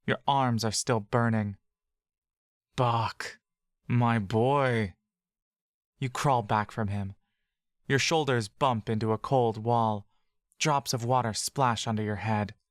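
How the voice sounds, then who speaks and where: An audio drama narrator reading scripted fantasy narration in the second person, slow and measured. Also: medium pitch, fairly even intonation, no room sound, studio quality.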